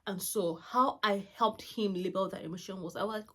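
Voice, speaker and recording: Speaking a little fast with few pauses, a woman with a mid-range, breathy-edged voice gives parenting advice to camera on her own channel. Around forty and a mother, she's warm and chatty, rambling with frequent fillers and restarts.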